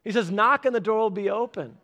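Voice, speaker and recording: A man in his thirties preaching a sermon, animated and acting out little voices as he speaks. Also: brisk. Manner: animated, acts out voices with big pitch jumps. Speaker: pastor.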